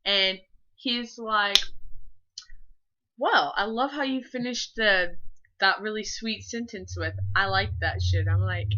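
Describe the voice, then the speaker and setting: A woman's voice: medium pitch, slow pace, pushed and bright. Gushing teenage girl on a lo-fi webcam. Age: teens. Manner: rambling, gushing, lots of filler words and swearing. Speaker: vlogger. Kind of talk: casual chat.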